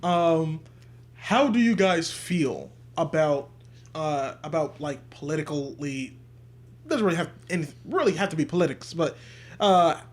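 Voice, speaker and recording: Casting: young male podcast co-host, high lively voice, casual and profane. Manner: laughing, swearing, animated. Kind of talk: casual chat.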